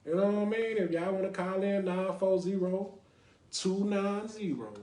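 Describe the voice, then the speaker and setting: A man's voice: sits high, normal speed, darkish tone, echoey room. A man from North Dallas, hosting a casual podcast with call-ins and often saying "you know what I mean". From Lake Highlands, North Dallas, Texas. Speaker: podcast host.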